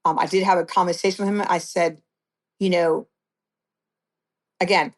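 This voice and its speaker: A woman's voice: on the low side, little pitch movement, fairly quick, pauses often. A middle-aged woman giving a blunt, conversational account of her past as an interview guest. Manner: blunt, conversational storytelling with restarts.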